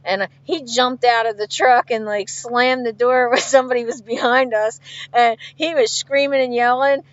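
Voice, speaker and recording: On a livestream with dull, lo-fi, dry-sounding audio, a trucker from outside Philadelphia laughs frequently as she reads out and answers viewers' questions in a chatty way. She speaks at a moderate pace in a fairly high voice with fairly even intonation.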